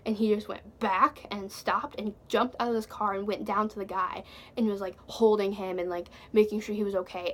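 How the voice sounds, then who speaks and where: A woman's voice: medium pitch, fairly even intonation, normal speed, a bit bright, a little hiss or hum. A young woman telling a storytime vlog, breathless and swearing, with "like" in nearly every line. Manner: breathless, swearing, heavy use of "like". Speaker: vlogger.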